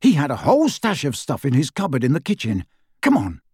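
A man's voice: fairly high pitch, huge pitch swings, brisk, a little mellow, husky, dry recording, studio quality, exaggerated voice. A man voicing a determined young male wizard who speaks in an urgent, commanding way in an audiobook. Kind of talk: audiobook character voice.

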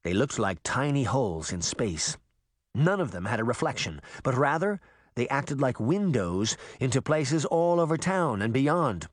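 A man narrating a story aloud with expressive storytelling. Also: medium pitch, measured pace, no room sound, studio quality. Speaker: audiobook narrator. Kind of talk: scripted narration.

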